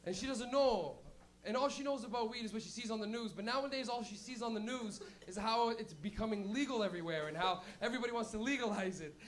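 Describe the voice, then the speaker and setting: A young man hosting a comedy night and doing stand-up, loud and animated with lots of swearing. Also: high-pitched, quick pace. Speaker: comedian and show host.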